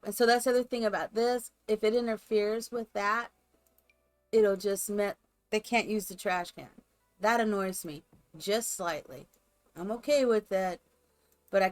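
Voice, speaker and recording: A woman live streamer chatting casually and rambling to her viewers while she builds in a game. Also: fairly high pitch. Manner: chatty, rambling, talks to chat.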